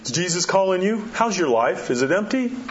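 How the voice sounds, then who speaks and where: A pastor giving a sermon in a conversational way, acting out the quotes and dropping his voice low to drive points home. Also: very animated, a little fast. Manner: conversational preaching, acts out quotes, drops low for emphasis. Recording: dull muffled sound with faint background hiss.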